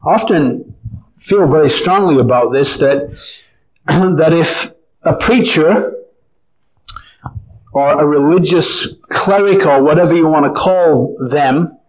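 A man preaching a sermon, earnest and emphatic, slowing down to stress key phrases. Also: fairly high pitch, poor audio.

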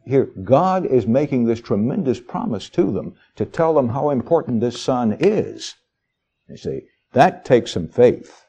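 A man's voice: medium pitch, warm tone, dull audio. A man preaching a sermon, reading scripture verses aloud and explaining them in a folksy, conversational way with asides to the congregation. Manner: reads verses aloud with shifting dramatic emphasis.

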